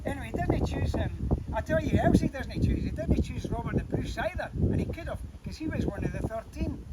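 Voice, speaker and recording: High-voiced Scottish man telling a tale outdoors. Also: very animated, a little fast. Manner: teasing, full of rhetorical questions to the listeners. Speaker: storyteller guide. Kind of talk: lively oral storytelling to a live group. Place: outdoors near a monument. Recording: distant mic with loud wind and traffic noise.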